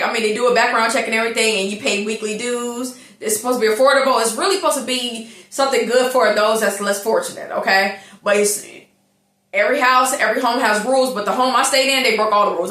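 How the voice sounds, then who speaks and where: A woman telling a personal story in a casual, animated monologue, talking straight to her listeners. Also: a little high. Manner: chatty, animated, addresses listeners as y'all. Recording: echoey room.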